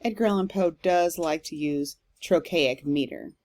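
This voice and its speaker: A woman's voice: fairly low pitch, measured pace, a little mellow, no echo. A woman professor giving a recorded literature lecture, explaining step by step with frequent "um" fillers.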